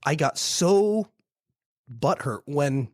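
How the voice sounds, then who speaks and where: A man's voice: on the high side, expressive, drawn-out words, darkish tone, dry recording, studio quality. A man in his thirties, a small business owner, telling a long story in casual conversation, with many restarts and repeated words.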